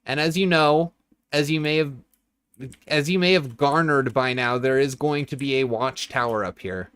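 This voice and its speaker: A man's voice: medium pitch, moderate pace, fairly bright tone, smooth, no echo. A young man streaming a building game from home, blunt and rambling, swearing a lot and talking to his chat and his cat on a desk microphone. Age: young adult. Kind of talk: casual livestream chat while gaming.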